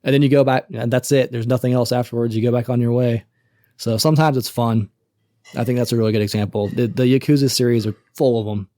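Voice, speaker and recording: A man chatting casually as a podcast co-host, retelling scenes with lively swearing. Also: medium pitch, quick pace, dry recording. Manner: animated storytelling, acts out quoted characters, swears casually. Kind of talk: casual chat.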